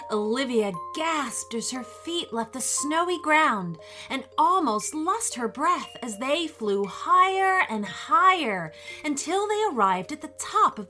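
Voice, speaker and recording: A woman narrating a children's bedtime story in a soothing, expressive way. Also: high-pitched.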